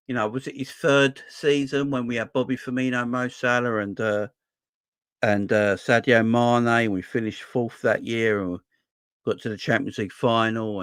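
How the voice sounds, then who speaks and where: A man's voice: mid-range voice, a bit bright, dry recording, studio quality. A man hosting a football fan channel, giving a rambling casual opinion monologue that repeats phrases and keeps checking with "yeah?" and "right?".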